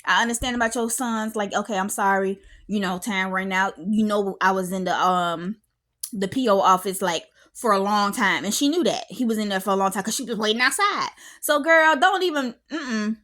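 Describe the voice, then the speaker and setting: A woman, giving an outspoken, animated casual reaction to a reality show and sometimes talking loudly. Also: mid-range voice, brisk. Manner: animated and outspoken, with frequent laughs and exclamations; loud at times. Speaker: reality TV reviewer.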